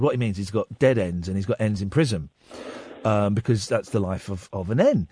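A man in his forties hosts a late-night radio show, his pitch leaping about as he rambles along wryly and pokes fun at himself. The studio sound is close and dry. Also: expressive, a little fast, dark tone, slightly rough, no room sound. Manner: wry, rambling, self-mocking. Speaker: radio talk show host.

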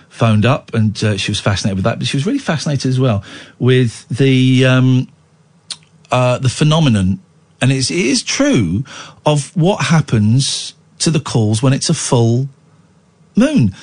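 A man's voice: mid-range voice, a little slow, a little mellow. A man in his forties hosting a late-night radio talk show, rambling and playfully teasing his co-host and callers. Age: 40s.

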